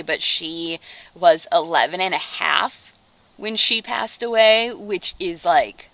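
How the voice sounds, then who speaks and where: A young woman who cares for animals at a sanctuary gives a casual, filler-heavy educational talk on a live stream. She keeps breaking off to coo at the turkeys in a high sing-song. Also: bright, forceful tone. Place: garden house at an animal sanctuary.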